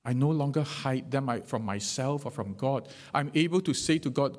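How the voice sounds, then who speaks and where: A man preaching a sermon, swinging between loud emphatic stretches and quiet, low drops. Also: moderate pace, few pauses.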